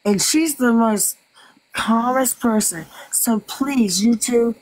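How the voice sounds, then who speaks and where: A woman's voice: a little high, takes it slowly, a little mellow, no room sound, rough recording. Blunt, rambling older Southern woman. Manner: blunt, rambling, repeats herself. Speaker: livestream host. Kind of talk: casual livestream chat.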